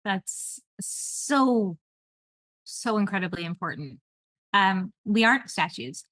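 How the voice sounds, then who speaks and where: Chatty woman podcast host, bright, dry sound. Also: medium pitch, slow, dry recording. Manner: rambling and animated, with frequent laughter. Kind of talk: casual conversational podcast chat.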